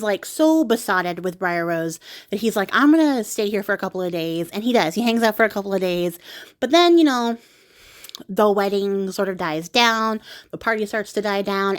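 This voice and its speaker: A woman, a craft vlogger, casually retelling a fairy tale while crafting, with giggles, sarcasm and lots of fillers. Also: medium pitch.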